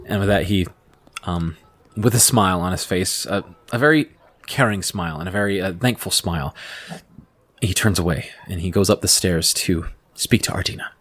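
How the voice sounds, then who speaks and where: A man narrating as game master in a relaxed way, with many fillers. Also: sits low, moderate pace.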